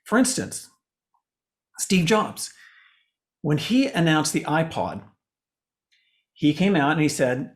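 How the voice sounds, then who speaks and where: Animated man coaching on video call. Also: slow pace, pauses often. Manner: animated, swings pitch widely for emphasis. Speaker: communication coach presenting to a meetup. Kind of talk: online presentation talk.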